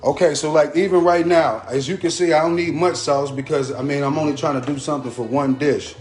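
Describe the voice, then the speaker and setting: A man's voice: fairly high pitch, fairly even intonation, brisk, darkish tone, roomy sound, soft background music. A man hosting a casual live cooking stream, loose and chatty, talking to viewers by name. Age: adult. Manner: loose and chatty, repeats a catchphrase, greets commenters. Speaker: home cooking host. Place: home kitchen.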